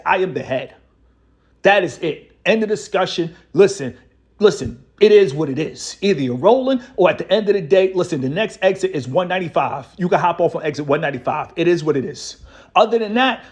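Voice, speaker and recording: A man giving a preachy, repetitive relationship-advice monologue as the show's host. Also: high-pitched. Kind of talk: motivational monologue to camera.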